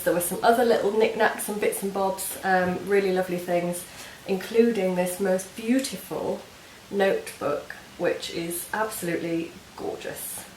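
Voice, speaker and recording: A woman's voice: medium pitch, fairly even intonation, moderate pace, hardly any pauses, darkish tone. Chatty woman in a roomy room. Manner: chatty and gushing, many ums and restarts. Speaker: knitting podcast host. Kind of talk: casual video podcast chat. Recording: roomy home recording with faint hiss.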